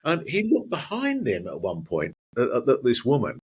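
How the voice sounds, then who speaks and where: A middle-aged man, a guest in a conversation, telling animated anecdotes with mild swearing and frequent restarts. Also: mid-range voice, normal speed, husky. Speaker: guest, former sports broadcaster.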